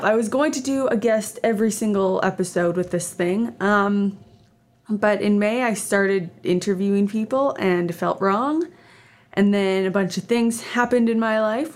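Here a twenty-something Canadian podcaster talks on her own show in a chatty, meandering way, peppering it with fillers and self-mocking remarks. Her voice sits in the mid-range.

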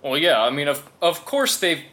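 A man voicing a calm adult male dwarf who keeps a mountain temple, talking in a measured, slightly puzzled way. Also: fairly high pitch.

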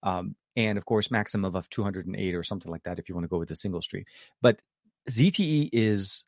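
A man with a fairly low voice co-hosts a casual tech podcast. He rambles and restarts his sentences as he talks. The recording is dry and close. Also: dry recording. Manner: rambling, halting, full of restarts. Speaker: podcast co-host.

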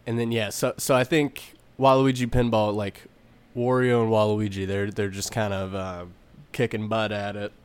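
Lowish guy, super hesitant, um like um, casual brainstorm. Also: flat delivery, moderate pace, hardly any pauses, smooth. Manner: hesitant, heavy on fillers and restarts.

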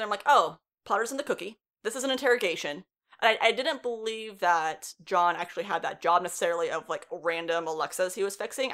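A woman's voice: mid-range voice, fairly bright tone. A woman in her twenties retelling a story in a casual, chatty way, swearing freely and laughing often. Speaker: show reviewer. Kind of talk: casual plot recap.

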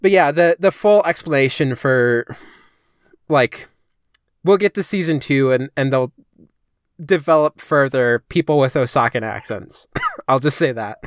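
A man's voice: mid-range voice, a little slow, smooth, no room sound, clean studio sound. A man co-hosting a podcast in a casual discussion, chatty and filling his talk with "like" and "um". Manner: chatty, heavy use of "like" and "um". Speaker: podcast co-host.

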